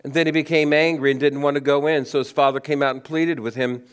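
A man preaching a sermon, asking rhetorical questions and letting his voice swing between high emphasis and low, quiet stress. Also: level tone, fast, clean tone. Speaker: pastor.

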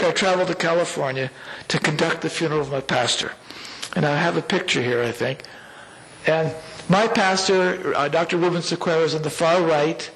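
A middle-aged man preaching a sermon as pastor. He builds phrases with rising emphasis and slows down to a weighty close at the end of lines. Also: fairly high pitch, gravelly, a bit bright, poor audio. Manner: preaching with swelling emphasis and slow, weighty endings.

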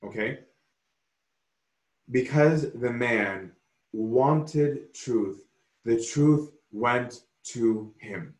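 A man preaching a sermon slowly and emphatically, often pausing to ask "right?". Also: mid-range voice, a little mellow, roomy sound. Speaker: pastor.

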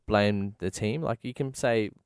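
A man's voice: fairly low pitch, unhurried, smooth, dry recording, clean studio sound. A man, co-hosting a casual chat and explaining technical details with plenty of fillers. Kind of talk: casual chat about motor racing.

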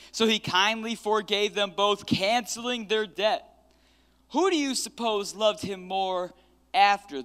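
A male pastor preaching a sermon in a church, retelling a Bible story, praying fervently and adding casual, energetic asides. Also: on the high side. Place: church sanctuary. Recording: long hall reverb.

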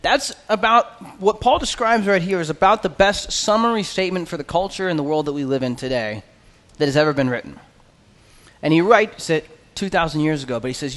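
A man preaching an expository sermon as pastor, earnest and conversational, with quick asides. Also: a little high, a bit bright, big-room sound.

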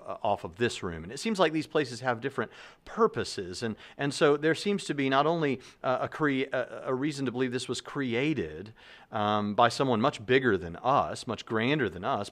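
A man voicing an earnest male mouse who makes an eager, stumbling case for a higher being. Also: animated, moderate pace, fairly bright tone, natural voice. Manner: eager, searching, stumbling over words.

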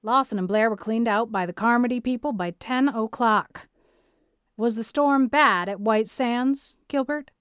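A woman voicing a brisk, practical older woman in an audiobook, matter-of-fact in manner. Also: on the high side, a bit bright, smooth, no echo, studio quality.

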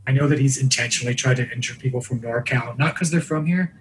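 Man, mid pitch, blunt and swearing, storytelling chat, faint hiss behind. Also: quick pace, low-quality recording. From Iranian family. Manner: blunt, profane, jokey impressions in anecdotes.

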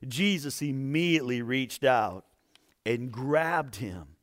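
A man preaching a sermon, retelling a Bible story and explaining it. He lifts his voice to stress a point and drops to a near hush. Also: slow. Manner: expressive, rises for emphasis and drops low to a hush. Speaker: pastor.

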